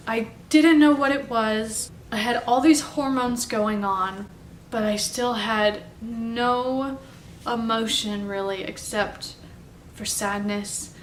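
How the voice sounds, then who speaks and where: A young woman telling a personal story in a halting, confessional way, at home. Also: fairly high pitch, recorded from a distance. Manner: halting, confessional, soft-spoken. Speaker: vlogger telling her story. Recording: roomy, off-mic, faint background noise.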